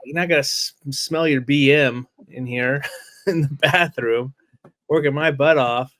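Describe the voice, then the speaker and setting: A man co-hosting a casual TV review podcast, joking around and making quick asides. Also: medium pitch, fairly bright tone, no room sound. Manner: easygoing, jokey, quick asides. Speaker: podcast co-host.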